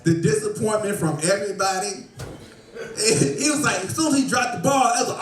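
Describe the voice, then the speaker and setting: A man performing a lively stand-up set in a bar, laughing and shouting through his punchlines. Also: high-pitched, moderate pace, over music. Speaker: stand-up comedian. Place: bar comedy show. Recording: roomy, from a distance.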